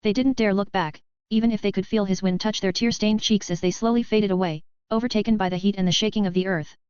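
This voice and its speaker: A woman narrates a fantasy web novel in a steady, scripted reading. Her voice is smooth and clear, and the dry recording sounds slightly dull and lo-fi. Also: medium pitch, quick pace, no room sound. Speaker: audiobook narrator.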